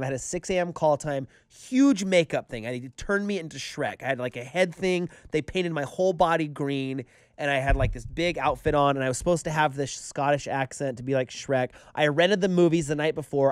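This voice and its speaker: A man co-hosting a casual podcast chat, telling stories in an animated way and acting out what people said. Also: fairly high pitch, a little fast, clear, resonant tone, dry recording, studio quality. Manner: animated storyteller, acts out quotes. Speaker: podcast co-host.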